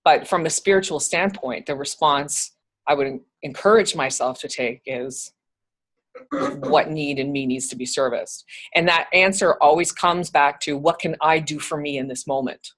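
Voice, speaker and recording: A woman leading a spiritual group discussion, calmly coaching others with reflective questions. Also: low voice, normal speed.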